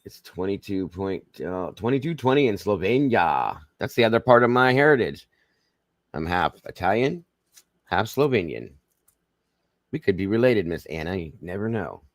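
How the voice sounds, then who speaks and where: A man's voice: low-pitched, sing-song, moderate pace, no room sound, studio quality. A man with a Southern American accent hosting a livestream, greeting viewers one by one in a folksy, friendly way. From Southern United States. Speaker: livestream host.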